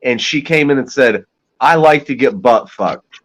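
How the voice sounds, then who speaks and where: On a livestream, a man co-hosting tells crude, meandering stories casually, sometimes putting on voices to quote people. He has a mid-range, expressive voice and keeps a measured pace.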